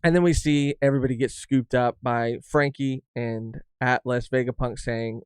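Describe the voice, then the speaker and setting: A man's voice: mid-range voice, moderate pace, hardly any pauses, smooth, dry recording. A man co-hosting a podcast, chatting casually and animatedly about a manga chapter, swearing freely and often restarting his sentences. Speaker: podcast co-host. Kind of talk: casual chat reviewing manga.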